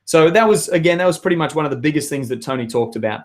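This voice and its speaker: A hoarse young man giving an energetic motivational talk to his viewers, with emphatic outbursts. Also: on the high side, very fast. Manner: energetic, emphatic, bursts into loud shouts. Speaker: vlogger.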